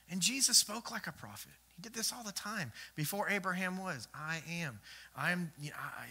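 A man preaching a sermon as pastor, swinging from loud emphatic lines to hushed ones and acting out the voices he quotes. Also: high voice, lively intonation, fast.

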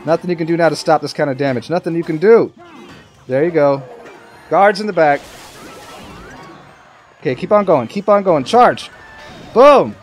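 A man giving excitable live commentary over his own gameplay, talking to the game and to his viewers. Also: fairly high pitch, normal speed, pauses often, faint music behind. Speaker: gaming commentator.

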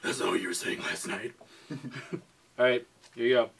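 A man's voice: fairly low pitch, normal speed, vocal fry, a bit bright, husky, recorded from a distance. A young man co-hosting a casual accent challenge video, teasing and bantering. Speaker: YouTube co-host.

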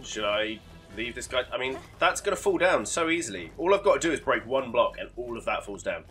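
Sweary gamer, bright voice. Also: male voice, medium pitch, animated, fairly quick, soft background music. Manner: sweary, rambling, self-mocking. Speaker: gaming YouTuber. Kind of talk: casual gameplay commentary.

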